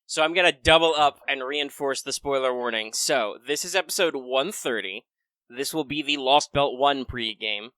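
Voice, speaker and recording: Man, podcast host, live-stream chat, bright crisp voice, dry sound. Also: medium pitch, no echo. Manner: chatty, fast patron list reading.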